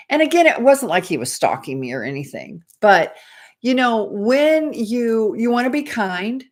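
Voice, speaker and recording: A woman in her fifties, a dating coach telling a personal story as advice in a chatty, rambling way. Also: lowish voice. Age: 50s. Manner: chatty, rambling, acts out quoted dialogue.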